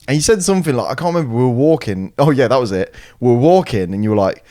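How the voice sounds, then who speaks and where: Animated young man telling stories. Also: medium pitch, quick pace. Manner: animated storyteller, acts out friends' lines. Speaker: podcast co-host. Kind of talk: casual chat.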